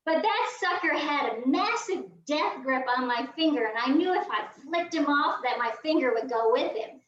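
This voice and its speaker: A woman, a guest on a video call, telling a funny story in a lively way and acting out the voices. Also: high-pitched, moderate pace, slight background noise. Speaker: guest quilter. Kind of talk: animated storytelling. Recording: roomy, distant, dull video call audio.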